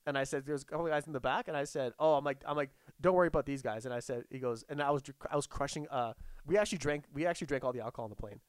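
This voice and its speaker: A man's voice: medium pitch, very fast, clear, resonant tone, dry recording. A man chatting casually, rambling through a story full of restarts and quoted dialogue.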